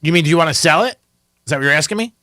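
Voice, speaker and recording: A man's voice: fairly high pitch, racing, sharp tone, no echo, clean studio sound. A man hosting a radio show, chatting casually and teasing a caller. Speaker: radio host. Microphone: studio mic.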